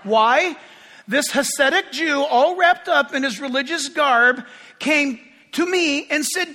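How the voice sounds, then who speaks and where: Male pastor, animated sermon storyteller, bright tone, long hall reverb. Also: very high voice, takes it slowly. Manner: animated storytelling, addresses the congregation.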